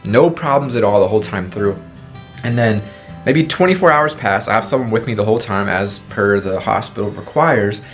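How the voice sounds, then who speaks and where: A young man in his twenties with a fairly low voice tells a story to his viewers in a lively, dramatic way, acting out what he said back then. He is talking through a sore throat, and soft guitar music plays behind him. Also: normal speed. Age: 20s. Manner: animated storytelling, acting out his own past lines. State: sore throat after tonsil surgery. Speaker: vlogger. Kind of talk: storytime vlog.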